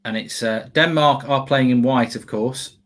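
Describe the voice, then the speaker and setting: An English man co-hosting a live football watchalong, talking in an animated, ranting way and swearing casually. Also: mid-range voice, a little slow.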